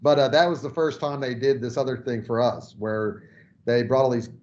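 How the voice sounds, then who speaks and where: Man, podcast host, rambling casual talk, mid-pitched voice, dull lo-fi recording. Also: fairly even intonation, moderate pace, darkish tone. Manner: rambling, conversational with fillers. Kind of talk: casual interview. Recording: dull lo-fi audio.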